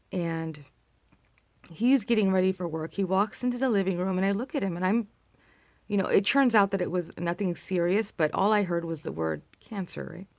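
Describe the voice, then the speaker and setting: A young woman speaks to camera in an earnest, reflective way, pausing often and searching for words. Her voice sits low with a gravelly fry. The sound is close and dry. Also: no echo. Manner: earnest, reflective, halting with fillers. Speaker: vlogger sharing personal experience. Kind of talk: casual talk to camera.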